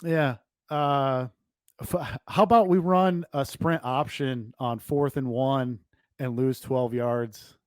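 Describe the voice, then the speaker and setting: A man on a sports podcast panel, chatty and wry, often pausing on fillers. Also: medium pitch, fairly even intonation, dry recording, clean studio sound. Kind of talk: casual sports chat.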